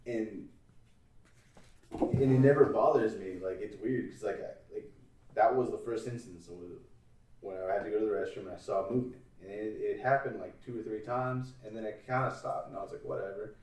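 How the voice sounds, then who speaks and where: A man's voice: lowish voice, normal speed, darkish tone, recorded from a distance. Rambling, swearing man, off-mic in a roomy space. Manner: rambling storytelling, swears often, laughs a lot. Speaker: podcast host. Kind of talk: casual chat.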